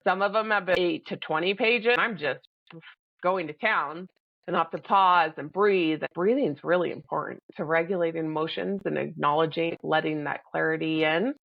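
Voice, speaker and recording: A woman co-hosting a podcast, talking in a measured, reflective way about handling emotions. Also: deep voice, no room sound, highs cut off. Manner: measured and reflective, pausing to breathe. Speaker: podcast co-host. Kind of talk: casual reflective chat.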